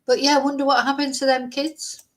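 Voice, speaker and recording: A woman's voice: high-pitched, flat delivery, fairly quick, a little hiss or hum. Exasperated rambling middle-aged woman. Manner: exasperated, rambling, frequent fillers. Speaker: commentator reacting to a video. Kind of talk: casual reaction commentary.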